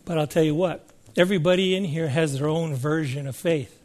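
A man's voice: a little high, a little fast, darkish tone. A man preaching a sermon to a congregation in a conversational way, often asking the room questions. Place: church service before a congregation.

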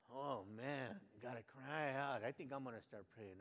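An older man reading a Bible passage aloud, then musing on it in a folksy, conversational way, rising to loud fervent cries and dropping to quiet asides. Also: mid-range voice, unhurried, few pauses. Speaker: Bible reader and preacher. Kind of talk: informal devotional Bible reading and reflection. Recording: long hall reverb.

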